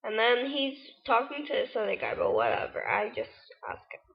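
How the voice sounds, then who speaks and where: A woman's voice: fairly high pitch, huge pitch swings, a little fast, very noisy. An eighteen-year-old woman telling a rambling, chatty story on her vlog, full of fillers, in lo-fi audio. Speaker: vlogger. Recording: lo-fi webcam audio.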